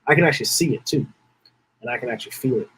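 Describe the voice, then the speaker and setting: Fighting back tears, this man hosting a podcast rambles through a story and keeps circling back to the same phrases. He talks rapid-fire in a husky, slightly bright mid-range voice. The audio is rough.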